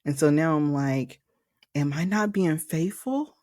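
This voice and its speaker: A woman shares a personal story on her podcast, unhurried and low in pitch. She tells it with feeling and keeps turning to her listeners as "y'all". Her voice sounds close and dry, with no room around it. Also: no echo. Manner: emotional, animated retelling, addresses listeners as y'all. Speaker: podcast host and trauma coach.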